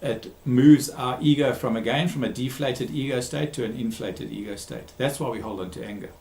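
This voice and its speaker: A man who works as a therapist gives a recorded talk, speaking emphatically, repeating key words and pausing with frequent ums. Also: mid-range voice, a little mellow, reverberant, slight background noise. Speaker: therapist giving a talk series.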